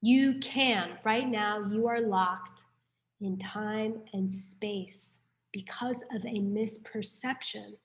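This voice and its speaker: A woman's voice: medium pitch, slow. A young woman from New York City teaching a Buddhist class in a casual, chatty way, telling stories and peppering her talk with "like". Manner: chatty, frequent "like", animated storytelling.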